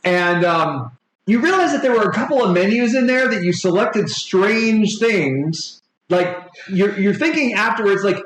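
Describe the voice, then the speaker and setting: A man in his forties running a tabletop game for his kids, rambling and playful, slipping into quick character voices. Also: high voice, expressive, fairly bright tone. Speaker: game master. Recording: echoey home room with faint noise.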